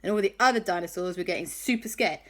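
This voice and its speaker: A woman's voice: lowish voice, fast talker, a bit bright. A woman telling an improvised children's story in a chatty, playful way.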